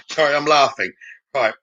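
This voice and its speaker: Bright high-voiced psychic medium. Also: male voice, lo-fi sound. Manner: chatty, relays messages with frequent "okay?". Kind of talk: live-streamed spirit readings.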